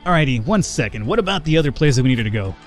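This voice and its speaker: A man narrating his own gameplay with a lively, bouncing pitch that shoots up when things go wrong. He swears casually, laughs a lot, and slurs a little, as if he's had a drink. Faint background music plays beneath his voice. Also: rapid-fire. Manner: excitable, profane, jokey, laughs often. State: tipsy, slurring a little. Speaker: gaming channel host. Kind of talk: let's play commentary.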